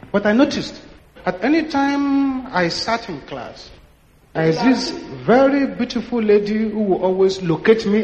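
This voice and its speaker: A Nigerian man in his sixties, a pastor telling stories in an animated sermon and acting out the dialogue. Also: sits high, slight background noise. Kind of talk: sermon storytelling. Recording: echoey hall, dull lo-fi sound.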